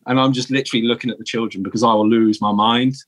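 A man in his thirties from the south of England with a southern English accent, telling stories as a guest in a casual interview, animated and full of restarts. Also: mid-range voice, fast talker, dry recording. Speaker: guest, former marine.

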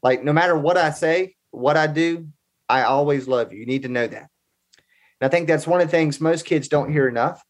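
A man's voice: fairly high pitch, brisk. A man in his forties telling personal stories as a guest in a casual interview, in an earnest, conversational way. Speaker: podcast guest.

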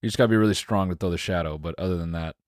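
A young man co-hosting a podcast, teasing deadpan and laughing often in casual banter. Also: low-pitched, racing, dry recording, clean studio sound. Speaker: podcast co-host.

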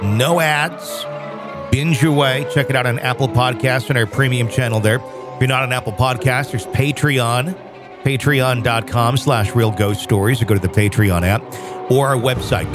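A man's voice: mid-range voice, steady tone, normal speed, over music. A man co-hosting a podcast, chatting casually and rambling through jokes. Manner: rambling, joking. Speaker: podcast co-host. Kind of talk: casual chat.

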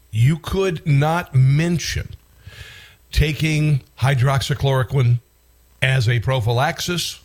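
A man's voice: mid-range voice, darkish tone. A man hosting a political talk show, delivering an indignant, rambling commentary monologue with frequent restarts and bursts of outrage.

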